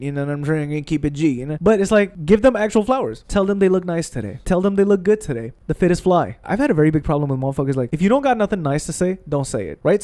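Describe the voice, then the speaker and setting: A young man talks bluntly over his gameplay, swearing freely as he tells stories. His voice sits a little high for a man. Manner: blunt, profane, animated storytelling. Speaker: gaming streamer. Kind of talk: casual rant over gameplay.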